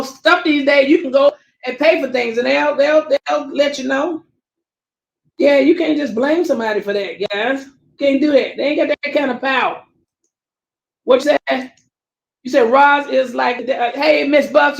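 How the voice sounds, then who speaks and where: A woman's voice: sits high, gravelly, echoey room, low-quality recording. A woman who hosts a casual livestream, chatting with viewers and reading out their comments, repeating herself and starting over a lot. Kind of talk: casual live chat commentary.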